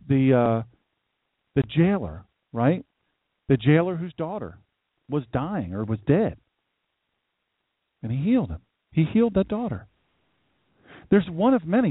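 A man preaching a casual, animated sermon, his voice a little high for a man. The sound is tinny and thin, as if heard over a phone line, with no room echo at all. He acts out voices as he tells his stories. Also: slightly rough. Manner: animated storytelling, acts out voices, jumps to high pitch for emphasis. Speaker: pastor.

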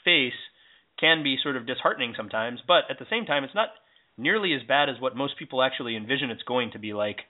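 A man's voice: mid-range voice, animated, fast. Man rambling over a phone line. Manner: rambling, hedging with "you know" and "like". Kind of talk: casual radio chat. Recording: tinny phone-line sound.

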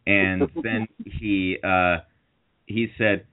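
A man's voice: medium pitch, animated, normal speed. A man telling a long story in casual chat, rambling with fillers and restarts and mocking the people in it. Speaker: podcast co-host. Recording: tinny phone-like audio.

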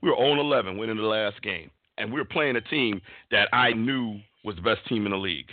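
A man hosting a casual sports talk show, telling stories in an animated way with many restarts. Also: fairly low pitch, a little fast, no room sound. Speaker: podcast host. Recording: dry, phone-like line.

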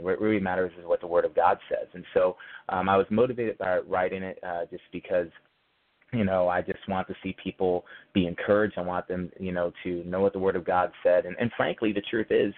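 A man being interviewed as an author, speaking earnestly and steadily with frequent fillers. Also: sits low. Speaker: author and guest. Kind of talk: faith-based interview. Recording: tinny phone line.

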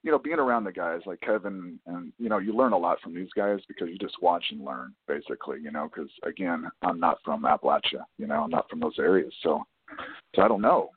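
A man, an actor guest on a podcast, talking in a loose, self-deprecating way with lots of fillers and a husky voice. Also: low voice, dry recording. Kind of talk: podcast interview. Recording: tinny phone-like audio.

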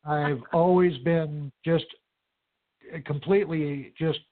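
Higher-voiced man on a tinny line. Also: fairly even intonation, takes it slowly. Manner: easygoing, short agreements, some hesitation. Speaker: paranormal investigator guest. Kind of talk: casual interview answers.

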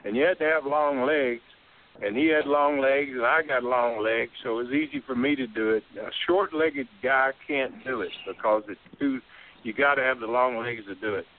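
Over a dry, tinny phone line with slight background noise, an ex-wrestler chats casually at normal speed in a mid-range voice. His manner is drawling and homespun, and he laughs while recounting his stories.

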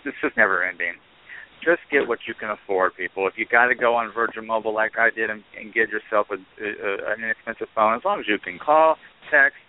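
A man's voice: fairly low pitch, slight background noise. A man hosting a casual chat show, rambling with many fillers and restarts. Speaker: podcast host. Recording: tinny phone-line sound.

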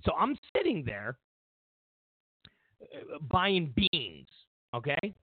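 A man's voice: a little high, wildly swooping pitch, slow pace, breathy edge, dry recording. A man hosting a talk show, delivering a rambling political monologue with many repeated words and restarts. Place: Los Angeles. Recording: dry, tinny phone-like sound.

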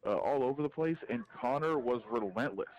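A man's voice: mid-range voice, fairly quick, muffled recording. Opinionated man breaking down fights. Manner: animated, opinionated breakdown with frequent restarts. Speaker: MMA reporter, guest. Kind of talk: casual podcast interview, calling in.

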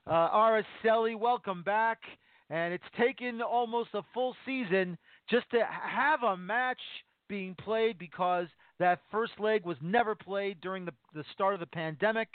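A man hosting a soccer talk radio show, speaking with excited emphasis. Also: high-pitched, a little slow, no room sound. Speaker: podcast host. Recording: tinny phone-line sound.

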